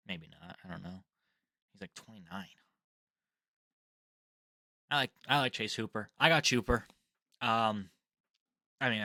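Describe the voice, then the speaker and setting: A man's voice: sits low, sharp tone, no room sound, clean studio sound. A young man giving casual solo fight predictions, rambling, swearing and laughing at his own slips.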